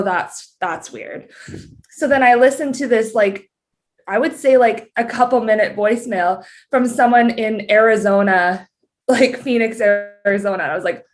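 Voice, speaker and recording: Laughing Canadian woman guest. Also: mid-range voice. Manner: open, laughs often. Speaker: podcast guest. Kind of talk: casual interview chat.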